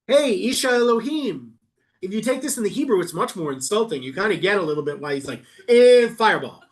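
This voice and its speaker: A man leading a Bible study as rabbi, reading verses aloud and riffing on them with quick jokes. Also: high-pitched, sing-song. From New York. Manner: playful, quick asides, reads verses then riffs. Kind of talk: casual text study, reading aloud and joking.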